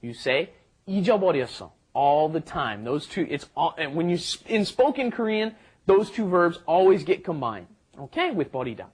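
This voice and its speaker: Lively, husky-voiced male co-host explaining. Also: fairly high pitch, fast talker. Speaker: co-host teacher. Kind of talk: casual lesson chat.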